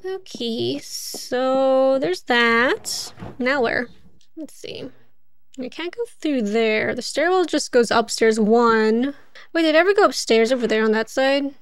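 A woman's voice: sits high, animated, takes it slowly, clean tone. A woman streaming a game, chatting casually as she plays, thinking aloud and laughing often. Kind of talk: casual gameplay commentary.

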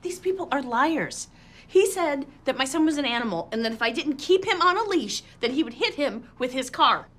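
Screaming potty-mouth mom in a movie, high bright voice, swinging all over. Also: female voice, expressive, moderate pace, slight background noise. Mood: raging. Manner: loud, explosive, profane ranting. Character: furious foul-mouthed mother at a school meeting. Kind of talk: film comedy acting.

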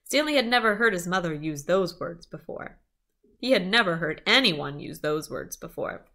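A woman's voice: fairly low pitch, moderate pace. A woman reading a children's chapter book aloud, with small asides to her listeners. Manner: lively storytelling, small asides.

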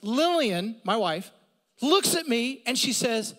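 A middle-aged male pastor preaching a sermon with animated storytelling, swinging from loud, high comic bits to low, quiet serious points. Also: slow. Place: church sanctuary. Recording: long hall reverb.

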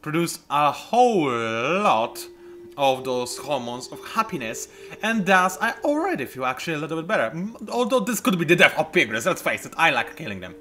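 A man's voice: a little high, big pitch swings, normal speed, bright, forceful tone. A man, chatting casually and rambling off topic while commenting on a game he plays at home. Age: 20s. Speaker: let's play host. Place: home room.

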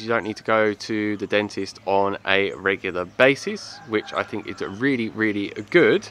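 Bright-voiced man chatting through a product review. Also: lowish voice. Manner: chatty, repeats "like I said" and "yeah"; enthusiastic recommending. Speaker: vlogger reviewing his aligners. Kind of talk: casual product review to camera.

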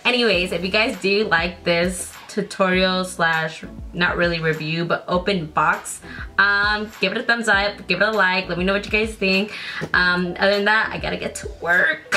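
Young woman rambling thru her makeup haul, casual swearing, mid-pitched voice, bit of music under it. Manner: chatty and loose, swears casually, thinks aloud. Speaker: beauty vlogger. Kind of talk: casual makeup unboxing chat.

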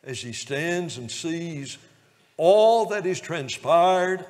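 A man's voice: on the high side, expressive, slow. Impassioned male preacher in a reverberant hall. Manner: swells from hushed storytelling to loud impassioned preaching. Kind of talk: sermon.

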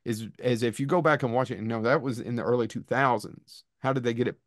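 A man's voice: medium pitch, fast talker, dry recording, studio quality. A man hosting a podcast interview, asking long, eager questions full of praise for his guest's work. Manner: enthusiastic, asks rambling questions. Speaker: podcast host. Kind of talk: casual interview.

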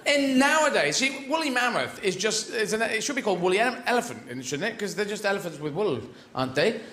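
A man's voice: high-pitched, animated, fast, pushed and bright. A man doing stand-up comedy, rambling in a profane, mock-indignant way. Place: live comedy venue. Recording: echoey venue with crowd noise.

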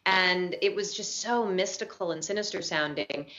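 A woman's voice: fairly low pitch, moderate pace, a bit bright, lo-fi sound. A woman in her thirties, a talk show guest, chatting in a bubbly, self-deprecating way and laughing often. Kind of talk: late-night talk show chat.

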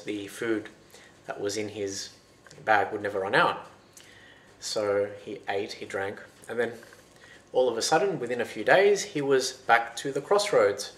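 A man retelling a folktale in a loose, lively, conversational way. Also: fairly low pitch. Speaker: storyteller. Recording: roomy echo.

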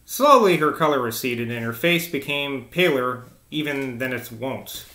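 Man, novel reader, informal, self-interrupting, animated pitch, roomy echo. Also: measured pace. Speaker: audiobook reader. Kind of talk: reading a novel aloud with casual asides.

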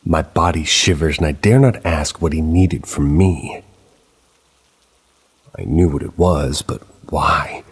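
A man's voice: rumbling low, slow, husky. A man narrating a first-person paranormal story in a casual, conversational way with wry asides.

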